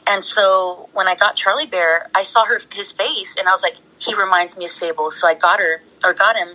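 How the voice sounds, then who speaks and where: A woman's voice: mid-range voice, moderate pace, bright, forceful tone, poor audio. A young adult woman talking as an interview guest, bubbly and rambling, with frequent laughs and many fillers. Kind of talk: casual interview chat.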